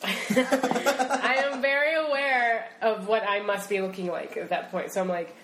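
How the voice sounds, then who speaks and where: A woman's voice: medium pitch, fairly even intonation, a little slow, fairly bright tone, slight background noise. Candid young woman chatting in an echoey room. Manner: candid, laughing easily. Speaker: podcast co-host. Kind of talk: casual chat. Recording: roomy echo.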